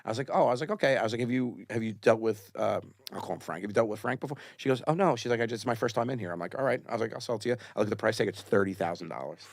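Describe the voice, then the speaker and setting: A man's voice: lowish voice, very fast, hardly any pauses, no echo. A man, a comedian guest on a podcast, telling stories in casual chat and acting out the voices of people in them. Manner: animated storyteller acting out quoted dialogue. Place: podcast studio. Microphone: studio mic.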